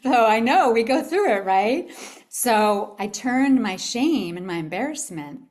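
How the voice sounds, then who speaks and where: Speaking at a summit, a Californian woman shares her personal story in a motivational talk and puts questions to the crowd. Her fairly high voice is expressive and a little mellow, and she takes her time.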